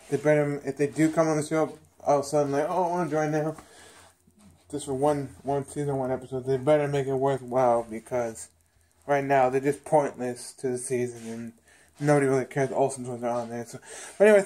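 Man, casual rambling recap, repeats himself, mid-pitched voice. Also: darkish tone. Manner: rambling, repeats himself, acts out characters' lines. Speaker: TV episode reviewer.

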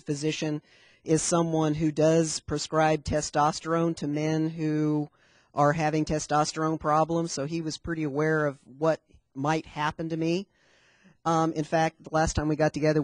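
A man's voice: on the high side, dry recording. A man in his fifties giving a candid personal talk at a community forum, wry and conversational. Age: 50s. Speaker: panel speaker.

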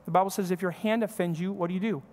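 A man's voice: high-pitched, steady tone, rapid-fire, a little mellow. A male pastor preaching a sermon, talking in a conversational way and acting out short bits of family dialogue. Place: church sanctuary. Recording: church hall reverb.

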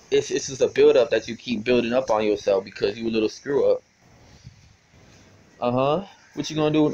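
A man's voice: on the high side, a little mellow, lo-fi sound. A young man in casual phone talk who taunts and swears, often stuttering and repeating words. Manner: taunting and profane, with many stammered repeats. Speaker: vlogger.

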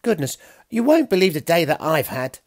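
A man's voice: fairly high pitch, very animated, normal speed, darkish tone, no echo, studio quality, pitched above the performer's own voice. A man voicing a clever, cheeky Stone Age boy who chatters in a self-satisfied way. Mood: chatty.

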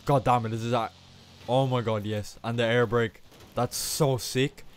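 A young man talks through his gameplay in a casual, chatty way. His voice sits at a middle pitch, and he keeps breaking into excited exclamations and poking fun at himself. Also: normal speed, clear, resonant tone. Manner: excitable, self-mocking, exclaims often. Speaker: gaming YouTuber.

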